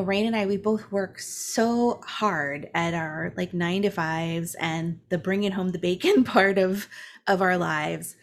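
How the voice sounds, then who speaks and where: A woman podcast co-host telling a personal story in casual, chatty talk, full of "like" fillers. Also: on the low side. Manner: chatty, animated, frequent "like" fillers.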